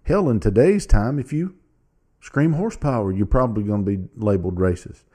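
A man's voice: on the low side, fairly quick, warm tone, husky. A man hosting his own show, giving blunt, casual opinion commentary straight to the viewer and reading search results aloud. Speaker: podcast host.

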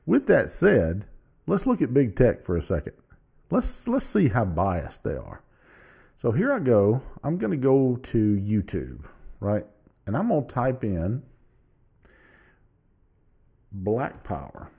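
A man's voice: medium pitch, wildly swooping pitch, slow, vocal fry, pauses often, mellow, breathy edge. A man hosting his own show, giving blunt, casual opinion commentary straight to the viewer and reading search results aloud. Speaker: podcast host.

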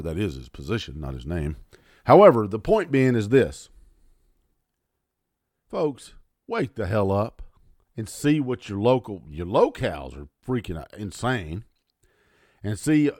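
A man ranting angrily on his podcast, swearing often and lurching from low mutters to loud outbursts. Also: big pitch swings, a little slow, no echo, studio quality. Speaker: podcast host. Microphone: audio only, close mic.

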